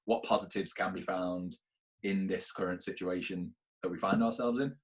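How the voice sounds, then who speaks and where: A man's voice: low-pitched, steady tone, normal speed, low-quality recording. A man talking earnestly and reflectively as a guest in a casual podcast chat, laughing easily. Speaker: podcast guest, actor and business owner.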